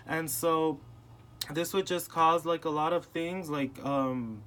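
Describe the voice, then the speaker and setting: This podcast host, a young adult man with a slightly high voice, speaks at a slow pace while telling a personal family story. Casual and animated, he acts out the voices of his family members and leans on plenty of filler words.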